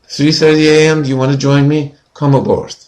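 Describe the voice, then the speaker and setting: A man's voice: fairly high pitch, fairly even intonation, moderate pace, a little mellow. A man being interviewed as a healer, telling a personal story in an earnest way with many "you know" fillers.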